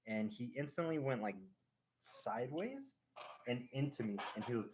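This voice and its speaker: A man hosting a live stream, casually telling a family story in an animated, rambling way full of restarts and sound effects. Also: mid-range voice, moderate pace, a little hiss or hum.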